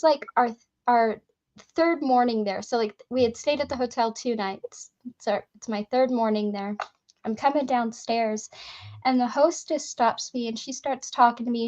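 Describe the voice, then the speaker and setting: A woman chatting casually, telling lively anecdotes full of fillers and acting out the people she talked to. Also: a little high, dull audio. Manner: lively anecdotes, frequent fillers, acts out both sides of dialogue. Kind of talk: casual storytelling chat.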